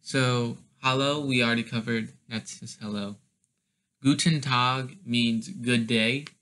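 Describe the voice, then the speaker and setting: A man's voice: mid-range voice, steady tone, takes it slowly, a bit bright. A man teaching a casual language lesson, explaining step by step with a hesitant delivery and many fillers.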